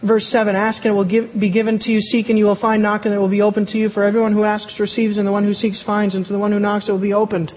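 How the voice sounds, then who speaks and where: Husky-voiced preacher in an echoing hall. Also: mid-range voice, monotone, fast, few pauses. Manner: reads verses aloud, then poses and answers rhetorical questions. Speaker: Bible teacher. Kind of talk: verse-by-verse Bible teaching. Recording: dull, echoey hall recording.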